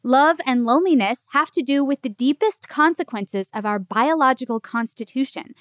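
A woman's voice: high-pitched, normal speed, no echo, clean studio sound. A woman co-hosting a podcast, chatting casually and reacting expressively. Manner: expressive, reacts with gasps and laughs. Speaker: podcast co-host. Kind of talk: casual chat.

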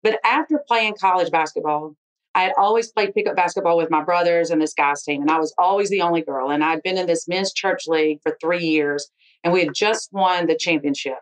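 A woman, telling a frank, animated story about her sports life in an interview. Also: on the low side, a little fast, low-quality recording. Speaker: interviewee, football official.

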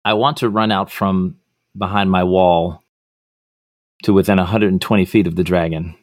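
Male player, low voice, deliberate, thinks aloud, dry sound. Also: fairly even intonation, no echo. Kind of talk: tabletop game play.

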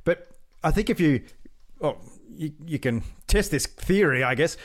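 A thoughtful podcast co-host who muses aloud and cracks light jokes. His voice sits a little higher than most men's. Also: animated, unhurried. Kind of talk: casual chat.

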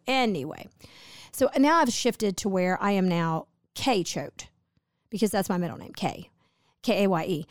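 A woman's voice: mid-range voice, no echo, studio quality. A middle-aged woman chatting with her husband, rambling through a story in a chatty way. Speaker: co-host, host's wife. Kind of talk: casual chat.

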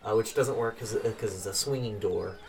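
A man's voice: lowish voice, a little fast, gravelly. Rambling male game master, off mic. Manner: loose, rambling, lots of fillers. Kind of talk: narrating a tabletop game. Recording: far from the mic with music behind.

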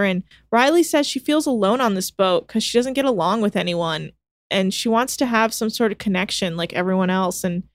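A woman's voice: medium pitch, no room sound, studio quality. A young woman co-hosting a podcast, recapping a reality show in a chatty, sarcastic way. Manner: chatty, sarcastic, mimics people in snippy voices. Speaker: podcast co-host. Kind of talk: casual reality TV recap chat.

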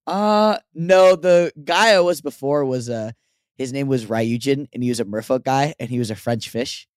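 A man's voice: mid-range voice, normal speed, clear, resonant tone, no echo, studio quality. A young man co-hosting a podcast, joking casually and laughing often. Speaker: podcast co-host. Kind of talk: casual chat.

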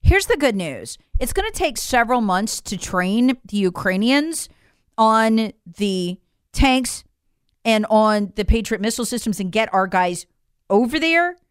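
This American woman offers political commentary full of emphatic disbelief and rhetorical questions. Her slightly high voice is very animated yet measured in pace, with a clean tone and a studio-quality recording free of room sound.

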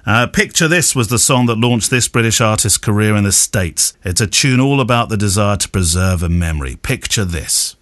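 A man's voice: fairly low pitch, expressive, normal speed, few pauses, a bit bright. A man co-hosting a podcast, chatting casually and reading quiz questions and listener mail with joking asides. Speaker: podcast co-host.

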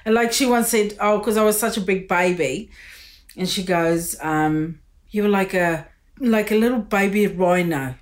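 A woman's voice: medium pitch, normal speed. A woman hosting a casual podcast chat, blunt and playful, swearing freely as she talks.

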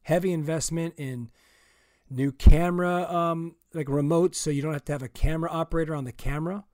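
A man's voice: on the high side, steady tone, fairly quick, a little mellow, dry recording, clean studio sound. A man with a sore throat chatting casually, teasing and easygoing. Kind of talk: casual chat.

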